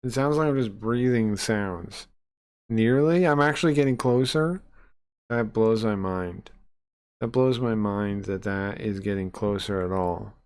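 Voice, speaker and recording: A man's voice: lowish voice, measured pace, a little mellow, clear, resonant tone. A man in casual chat, reacting to a video and playfully repeating sounds as he tries to pronounce foreign words. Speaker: reaction streamer.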